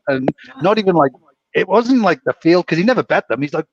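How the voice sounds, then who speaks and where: A man's voice: a little high, animated, fast talker, no echo. Rambling man, dull dry mic. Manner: rambling storyteller, clears throat often. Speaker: casino dealer, co-host. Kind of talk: casual chat.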